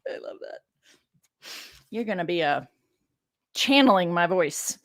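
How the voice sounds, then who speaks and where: A woman's voice: lowish voice, lively intonation, unhurried, pauses often, a bit bright, no echo, clean studio sound. A woman scholar reading scripture aloud and commenting in a chatty, digressive way, with frank asides and rhetorical questions to her listeners. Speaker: biblical scholar and teacher.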